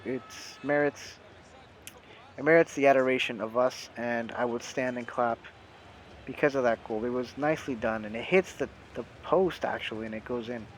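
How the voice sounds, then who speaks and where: Young American male gamer, mid-pitched, chatty play-by-play with frequent fillers, faint hiss behind. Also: low-quality recording. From United States. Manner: chatty, addresses viewers as guys, many fillers and self-corrections. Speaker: gaming YouTuber. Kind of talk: casual gameplay commentary.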